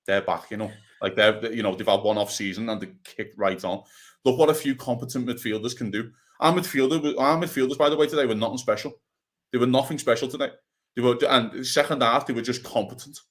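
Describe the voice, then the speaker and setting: A man's voice: medium pitch, fast talker. A man from Liverpool with a Scouse accent, co-hosting a casual football chat and talking passionately, with swearing along the way. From Liverpool, England. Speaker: podcast co-host.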